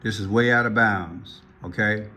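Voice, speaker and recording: Speaking at a moderate pace, this male online commentator has a steady, sharp tone. He gives his viewers casual commentary, often repeats himself, calls out to the audience, and rises sharply in pitch when excited.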